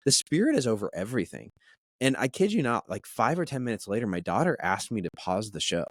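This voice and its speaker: A man in his thirties, a podcast guest, telling a personal story in an earnest, animated way and often restarting his sentences. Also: fairly low pitch, fast talker, no room sound, studio quality. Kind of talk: conversational storytelling.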